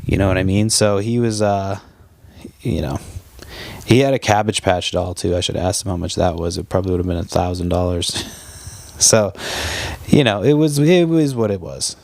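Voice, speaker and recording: A man hosting a podcast, speaking. His voice sits low and sounds dry and close, with no room sound. He rambles, swears freely, and acts out both sides of each exchange. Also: moderate pace, vocal fry, no room sound. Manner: profane, animated storytelling with quoted back-and-forth. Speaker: podcast host. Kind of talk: casual rambling monologue.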